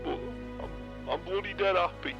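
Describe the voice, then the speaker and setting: A man, speaking in character on a phone call in a game roleplay, excited and emphatic, swearing often. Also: sits high, moderate pace. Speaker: roleplay player. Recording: dull lo-fi phone-style audio with music.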